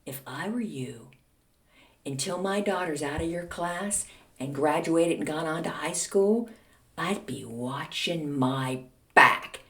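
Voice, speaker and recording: A woman voicing her small, stern mother, who speaks firm threats slowly in a low voice. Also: very animated. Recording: echoey room.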